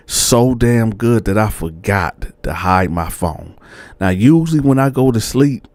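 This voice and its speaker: A man's voice: on the low side, no echo. A man casually telling a story to his viewers in slangy, colloquial speech, addressing them as y'all. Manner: animated, addresses audience as y'all. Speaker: storyteller host.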